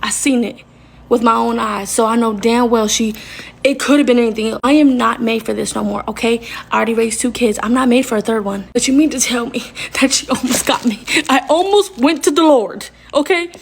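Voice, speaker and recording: Animated young woman telling stories. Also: on the high side, brisk, gravelly, slight background noise. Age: young adult. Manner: animated and dramatic, addressing viewers directly. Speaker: storyteller vlogger. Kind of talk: casual storytime.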